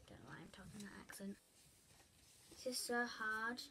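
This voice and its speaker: A woman's voice: on the high side, normal speed, vocal fry, bright, forceful tone, a little hiss or hum. A young girl talking to viewers as she makes school supplies, rambling and chatty and sometimes slipping into a whisper. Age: child. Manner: rambling, talks to herself while crafting, drifts into whispers. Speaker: vlogger. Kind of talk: chatty craft tutorial vlog.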